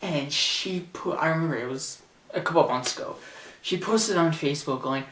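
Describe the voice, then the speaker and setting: A man's voice: a little high, moderate pace, a bit bright, roomy sound, far from the mic, slight background noise. A teenage boy ranting sarcastically and indignantly into a camcorder in his bedroom. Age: teens. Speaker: vlogger. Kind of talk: ranting vlog. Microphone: camcorder mic.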